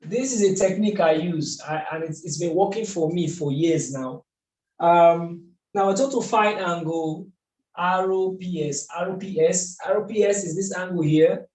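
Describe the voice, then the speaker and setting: A man's voice: high-pitched, normal speed, a little mellow. A man teaching a math lesson at a board, methodical and asking rhetorical questions as he works. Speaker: math tutor. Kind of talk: whiteboard lesson. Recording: echoey room.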